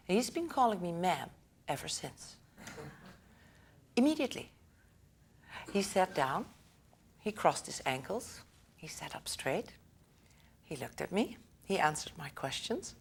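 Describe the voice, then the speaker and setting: A woman's voice: deep voice, a little hiss or hum. A woman school director giving a lecture to parents in a conversational way, checking in with the audience, laughing often and acting out the people in her stories.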